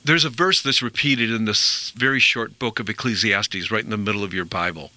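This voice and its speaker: Bright-voiced male radio host, dry studio sound. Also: lowish voice, a little fast, dry recording. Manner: rambling, earnest, repeats himself. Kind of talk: conversational health talk.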